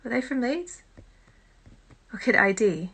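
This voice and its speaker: Bright-voiced British woman hosting. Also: fairly high pitch, big pitch swings, a little slow, creaky, slightly rough. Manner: chatty and self-deprecating, with quiet muttered asides. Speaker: host. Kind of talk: casual live-stream chat.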